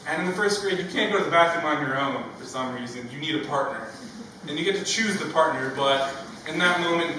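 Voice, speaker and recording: Young male comedian, animated storyteller, recorded far off in a roomy venue with audience noise. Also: mid-range voice. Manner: animated storytelling, acting out childhood voices. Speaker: stand-up comedian. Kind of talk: stand-up comedy set. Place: stage with a live audience.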